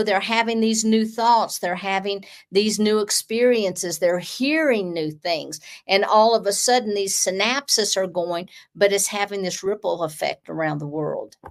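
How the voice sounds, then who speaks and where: Laughing woman guest, chatty. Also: medium pitch. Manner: laughs often while telling anecdotes. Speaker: spiritual guest. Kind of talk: casual interview chat.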